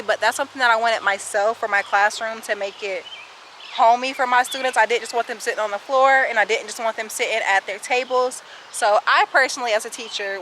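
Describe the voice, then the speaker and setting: A kindergarten teacher and vlogger in her twenties walks outside with a handheld camera, breathless as she responds to viewer questions. Her high-leaning voice is pushed and bright, sassy and chatty, calling viewers "sis" and "y'all," against slight background noise.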